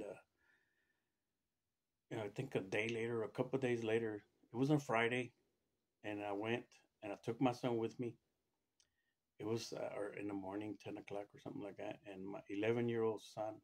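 A middle-aged man casually telling a personal story, rambling with restarts and acting out what others said by raising his pitch. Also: darkish tone. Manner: rambling, acts out quoted voices with raised pitch, many restarts. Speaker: storyteller recounting his own experience.

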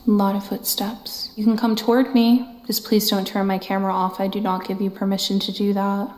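A woman's voice: mid-range voice, flat delivery, a little fast, slight background noise. A woman exploring a building as a paranormal investigator, whispering her emotional reactions to the camera. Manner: hushed, emotional, swearing. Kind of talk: whispered ghost-hunting narration. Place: large old building indoors. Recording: echoey large room.

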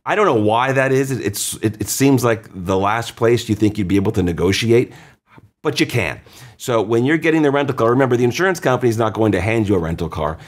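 A man hosting an insurance advice show, explaining coverage in a chatty, plainspoken way, acting out quick customer quotes and often restarting his sentences. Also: mid-range voice, animated. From California. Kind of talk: casual explanatory radio talk.

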